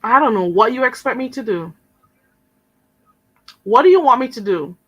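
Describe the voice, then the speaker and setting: A woman's voice: a little high, animated, moderate pace, a bit bright, dry recording, poor audio. A young woman hosting a live stream, talking to viewers in an indignant, sarcastic way with mocking mimicry. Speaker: channel host.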